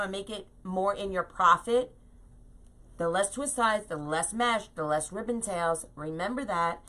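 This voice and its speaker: A woman with a sharp tone at medium pitch hosts a live tutorial teaching wreath making. She chats while reading viewers' comments at her craft table at home, laughing at herself.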